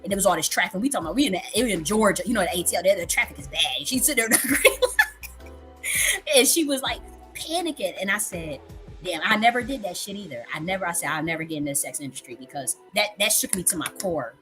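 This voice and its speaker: Bright-voiced woman telling a candid story. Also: on the low side, animated, fast, faint music behind. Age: 30s. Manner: candid storytelling, profane, repeats herself for emphasis. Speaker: livestream host. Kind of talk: casual livestream monologue.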